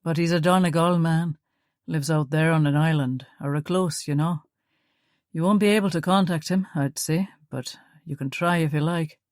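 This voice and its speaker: A woman's voice: low-pitched, steady tone, moderate pace, a little mellow, no echo, clean studio sound, close to an everyday voice. A woman voicing a guarded, evasive gallery owner who speaks with a cultured Belfast accent. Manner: curt, evasive, smooth-spoken.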